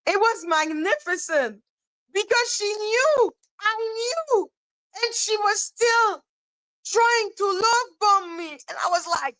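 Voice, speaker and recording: Animated woman ranting on a livestream. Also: very high-pitched, slow pace, pauses often, no room sound, poor audio. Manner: animated, repetitive, ranting with laughter. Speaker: livestream host. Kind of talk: casual livestream chat.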